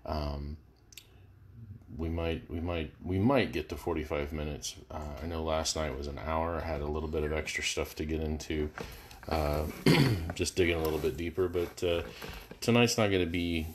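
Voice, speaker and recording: A man's voice: rumbling low, steady tone, normal speed, slight background noise. A man leading a live verse-by-verse Bible study, talking casually with many fillers and restarts. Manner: casual, thinking aloud with frequent fillers and restarts.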